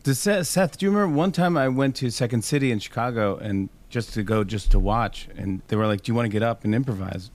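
A man co-hosting a casual podcast, excitable and quick to laugh as he tells a story. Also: medium pitch. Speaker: podcast co-host. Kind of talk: casual chat.

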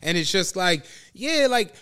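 He's a podcast co-host whose voice sits high, runs a little slow, and sounds smooth. In casual chat he tells animated stories, swears freely, and acts out what people said.

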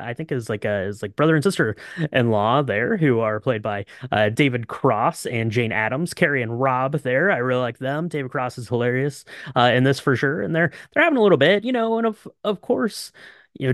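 A man's voice: mid-range voice, no echo, clean studio sound. A man co-hosting a podcast, casually recapping a film with many fillers and restarts. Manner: rambling, frequent fillers and restarts. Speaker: podcast co-host. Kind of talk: casual movie recap chat.

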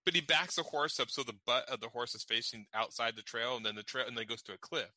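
Bright-voiced man chatting casually. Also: mid-range voice, fairly even intonation, fast, dry recording. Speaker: podcast co-host. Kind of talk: casual chat.

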